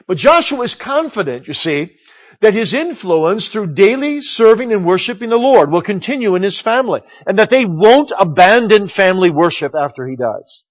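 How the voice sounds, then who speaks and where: Middle-aged male pastor, high voice, emphatic sermon delivery, dull lo-fi recording. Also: sing-song. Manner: emphatic preaching, slowing down for scripture quotes.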